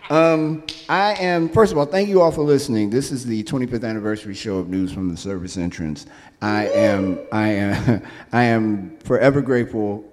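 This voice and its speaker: A man hosting a live radio show, chatty and upbeat with quick laughing asides. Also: fairly low pitch, a little mellow, long reverb tail. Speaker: radio host. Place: radio studio with live audience.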